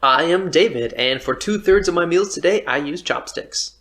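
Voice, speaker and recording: A man's voice: on the high side, expressive, moderate pace, a bit bright. A man playing in a tabletop game, joking around and laughing in casual banter. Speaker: player. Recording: echoey room with hiss.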